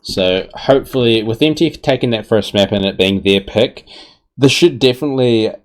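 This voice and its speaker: Deep-voiced easygoing male caster. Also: moderate pace. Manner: easygoing, self-correcting. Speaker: esports caster. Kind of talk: live esports commentary.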